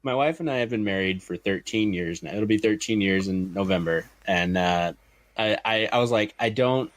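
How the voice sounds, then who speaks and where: A man in his thirties tells a rambling personal anecdote on a podcast. His voice sits low, and the sound is dry and close. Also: normal speed, no room sound. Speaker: podcast co-host. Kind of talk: casual chat.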